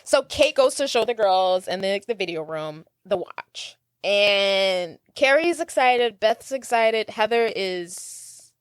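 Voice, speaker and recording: A woman co-hosts a movie podcast in relaxed, casual chat. The recording is dry and close, with little room sound around her voice. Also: mid-range voice, slow pace, hardly any pauses, smooth, no room sound. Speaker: podcast co-host.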